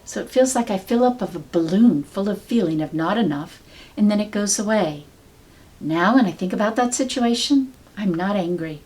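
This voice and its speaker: A woman teaching a sound healing technique in a calm, measured, soft-spoken way, guiding the listener step by step. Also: mid-range voice. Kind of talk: slow guided teaching.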